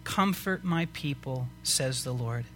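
Bright-voiced man preaching a sermon. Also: medium pitch, expressive, slow, soft background music. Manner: earnest, rising to emphatic preaching with rhetorical questions. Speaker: pastor.

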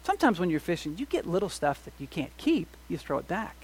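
A middle-aged pastor preaches a sermon in a fairly high male voice. He drops to a near hush, then climbs to loud, emphatic lines. He keeps pulling listeners in with rhetorical questions. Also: fast talker, husky. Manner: animated, swings from soft to loud, rhetorical questions.

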